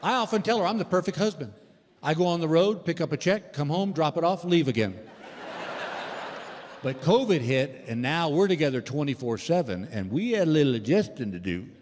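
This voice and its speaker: A man's voice: on the high side, expressive, brisk, noisy background. A man, telling stand-up stories in a folksy way and acting out both sides of the dialogue. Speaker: stand-up comedian. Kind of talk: stand-up comedy set. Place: large theater with audience. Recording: live theater hall with reverb.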